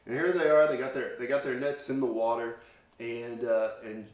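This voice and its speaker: A man's voice: mid-range voice, little pitch movement, moderate pace. A man from Indiana telling a Bible story to children in a chatty, storytelling way with plenty of fillers and restarts. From Indiana, USA. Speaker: children's chapel speaker. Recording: echoey room.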